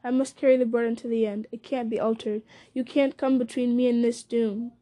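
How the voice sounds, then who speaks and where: A woman reading the part of a weary, frightened young male hobbit with an anguished, halting delivery. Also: fairly high pitch, fairly even intonation, mellow, lightly acted. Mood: remorseful.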